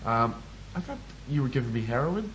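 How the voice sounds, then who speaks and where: A man's voice: mid-range voice, sing-song, a little fast, crowd noise, rough recording. A young man from Northern Ireland with a Northern Irish accent, telling stories and laughing in a casual podcast chat. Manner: swearing, laughing storyteller. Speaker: podcast co-host.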